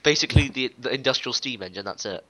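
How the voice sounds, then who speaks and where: Bright-voiced young man gaming. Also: medium pitch, expressive, fast, dry recording. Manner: talks through his building plans, easily distracted. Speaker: gamer in group voice chat. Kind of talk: casual gaming banter.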